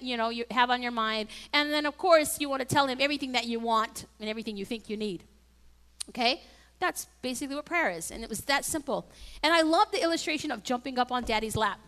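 A woman's voice: high-pitched, fairly bright tone. A middle-aged woman preaching a sermon, talking conversationally and building to fervent, emphatic exhortation.

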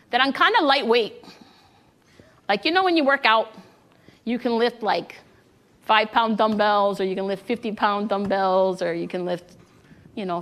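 A woman preaching a sermon to a congregation, lively and engaging them in call-and-response, a little out of breath. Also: high voice. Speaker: guest preacher.

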